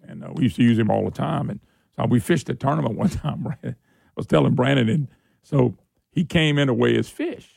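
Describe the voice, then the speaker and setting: A man's voice: medium pitch, animated, brisk, creaky, darkish tone, slightly rough, no echo. A man hosting a call-in radio talk show, telling stories in a folksy way. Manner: folksy storyteller, acts out quoted voices.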